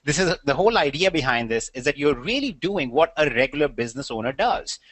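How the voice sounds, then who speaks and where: A man co-hosting a sales webinar, explaining the business model in a steady, list-like way. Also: on the high side, brisk, no echo. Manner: steady, explanatory, listing points.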